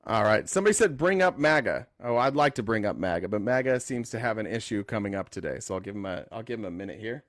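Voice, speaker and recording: A man's voice: lowish voice, animated, fast, few pauses, dry recording. Casual male talk-show host, dry sound. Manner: casual, joking, thinks aloud. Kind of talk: live call-in political talk.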